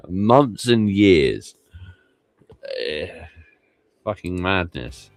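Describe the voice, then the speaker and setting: A man's voice: deep voice, sing-song, extremely slow, darkish tone, dry recording, studio quality. A man hosting a livestream podcast, rambling and swearing casually as he gives context to old clips. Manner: rambling, swears often, trails off. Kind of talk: casual commentary over archive clips.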